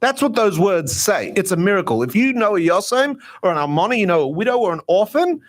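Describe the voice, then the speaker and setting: A man, a rabbi, giving an informal, chatty talk on prayer and meditation at a gathering, lively and self-mocking. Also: high voice, a little fast.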